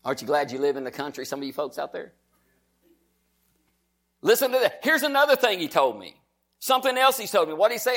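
A man preaching as a pastor, reading scripture slowly and with emphasis. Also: high voice, animated, a bit bright. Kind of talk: sermon.

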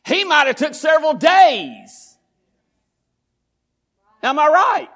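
A middle-aged man with a Texan accent preaching a fervent sermon, often shouting and repeating phrases in a preaching cadence. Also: very high voice, sing-song, slow.

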